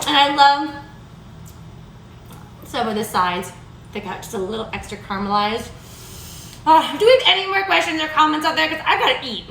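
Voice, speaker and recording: A woman hosting a live cooking demonstration in a kitchen, chatty, bubbly and easily excited. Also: high-pitched, normal speed, creaky, long pauses, roomy sound, slight background noise. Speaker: cooking show host.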